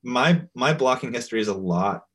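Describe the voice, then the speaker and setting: A man's voice: mid-range voice, lively intonation, moderate pace, a bit bright, husky. A man co-hosting a podcast, telling stories in an easygoing, self-deprecating way. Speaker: podcast co-host. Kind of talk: casual chat.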